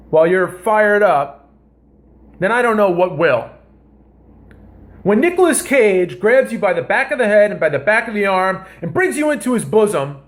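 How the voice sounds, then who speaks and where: A man hosting a comedy vlog, telling a story in a rambling, animated way and often cutting himself off mid-sentence. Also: sits high. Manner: rambling, animated, self-interrupting. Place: home kitchen.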